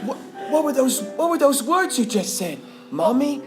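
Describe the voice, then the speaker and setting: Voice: high voice, sing-song, moderate pace. An improviser playing a cheerful, nosy Christmas elf who asks eager, tumbling questions in a live improv comedy show. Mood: puzzled. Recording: live stage with music.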